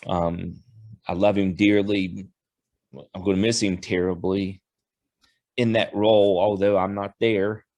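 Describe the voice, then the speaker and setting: A man giving a heartfelt spoken tribute to his longtime pastor, halting and emotional. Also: deep voice, little pitch movement, darkish tone, no room sound. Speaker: former church member giving a tribute.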